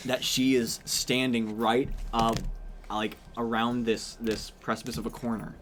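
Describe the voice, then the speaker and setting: A man's voice: medium pitch, flat delivery, unhurried, a bit bright, soft background music. A man narrating as game master, describing scenes casually with many fillers.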